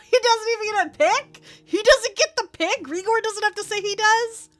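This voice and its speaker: High, bright-voiced giggly woman streamer. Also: moderate pace. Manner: giggly, chatty, animated reactions. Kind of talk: live game stream commentary and reading aloud.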